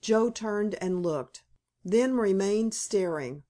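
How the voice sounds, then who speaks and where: A woman narrating an audiobook in a steady storytelling manner. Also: mid-range voice, measured pace. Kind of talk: scripted narration.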